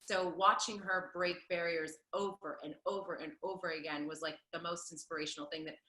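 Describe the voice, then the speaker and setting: A woman in her thirties, a stage performer, answering interview questions in an animated, chatty way with lots of fillers. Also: fairly low pitch, fairly quick, roomy sound, low-quality recording. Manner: animated, laughs often, many fillers. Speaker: Broadway performer, guest.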